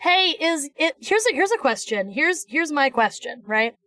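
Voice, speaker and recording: A woman's voice: high-pitched, sing-song, normal speed, bright, forceful tone. A young woman streaming while she draws, chatting playfully and rambling with restarts and teasing asides. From United States. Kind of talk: casual live-stream chat while drawing.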